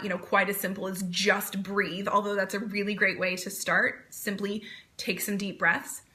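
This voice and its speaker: A woman in her thirties, a performance coach, giving calm, encouraging advice on a live video talk. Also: mid-range voice.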